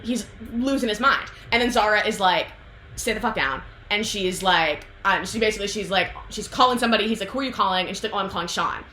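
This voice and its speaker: A woman's voice: mid-range voice, quick pace, few pauses, echoey room, a little hiss or hum. A young woman chatting casually, retelling a book plot to a friend, swearing often and acting out the characters' lines. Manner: animated, profane, acts out characters' lines, frequent laughter. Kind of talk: casual chat.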